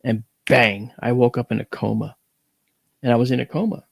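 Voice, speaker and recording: A man, a guest on an interview show, telling a dramatic personal story with animated swings in pitch and blunt, mildly profane wording. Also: moderate pace, vocal fry, slightly rough, no room sound. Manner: blunt, mild cursing.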